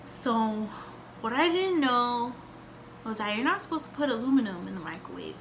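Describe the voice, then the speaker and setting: A woman's voice: a little high, expressive, normal speed, a little hiss or hum. A young woman telling a rambling story and chatting in a casual home vlog, with lots of fillers and acted-out quotes. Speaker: vlogger.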